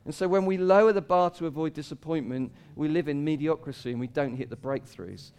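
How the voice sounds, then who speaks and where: A man preaching a sermon as pastor, talking casually with laughs between points, rising for quoted cries and dropping low and quiet for scripture. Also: a little fast, clean tone.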